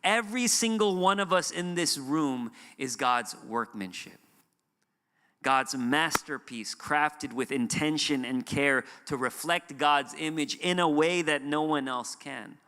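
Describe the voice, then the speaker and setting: Bright, clear-voiced man preaching in a hall. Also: a little high, measured pace. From United States. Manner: conversational storytelling with fillers. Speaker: guest pastor. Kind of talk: sermon. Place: church sanctuary. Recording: hall reverb.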